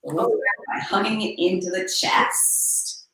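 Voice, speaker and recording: A woman teaching a one-on-one yoga session, cueing poses and breathing with calm, unhurried instruction and soft breathy asides. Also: mid-range voice, recorded from a distance. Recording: echoey room, voice a bit off-mic.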